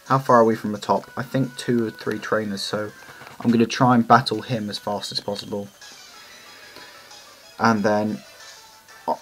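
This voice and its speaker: English guy, mid-pitched, narrating his game run with chatty tangents, soft game music underneath. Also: low-quality recording. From England. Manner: rambling, chatty, drifts into side stories. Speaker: let's play commentator. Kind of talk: casual gameplay commentary.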